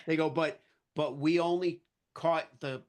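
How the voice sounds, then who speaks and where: Animated, higher-voiced man telling a story. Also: takes it slowly. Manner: animated storyteller who acts out quoted voices. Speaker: podcast guest. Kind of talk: casual anecdote-telling.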